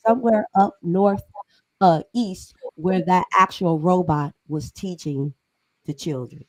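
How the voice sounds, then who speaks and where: A woman's voice: on the low side, measured pace, no echo, poor audio. A middle-aged woman co-hosting a podcast discussion, talking emphatically and conversationally with frequent laughs. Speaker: podcast co-host.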